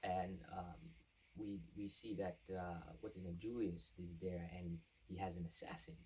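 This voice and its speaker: A man's voice: low voice, steady tone, unhurried, warm tone, distant mic, slight background noise, rough recording. A man casually recapping an anime plot as a reviewer, rambling and acting out the characters' lines. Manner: rambling, with many fillers and restarts, acting out quotes.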